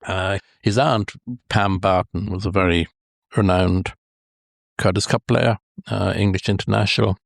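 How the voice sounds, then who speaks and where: Older Irish guest, deep-voiced, spins long hesitant anecdotes. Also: male voice, steady tone, unhurried, creaky, no room sound, clean studio sound. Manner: rambling, many hesitations, chuckles at his own stories. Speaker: golf historian guest. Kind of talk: anecdotal storytelling interview.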